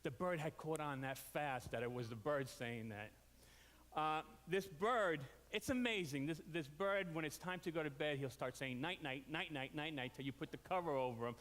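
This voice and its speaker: A man preaching a storytelling sermon, animated and leaping up in pitch for quoted voices. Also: moderate pace. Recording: reverberant hall.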